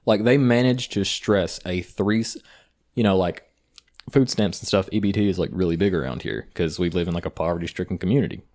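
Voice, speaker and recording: A young man with an Eastern Kentucky accent, co-hosting a podcast and telling stories in a casual, profane, animated way. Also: deep voice, brisk. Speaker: podcast co-host. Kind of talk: casual chat.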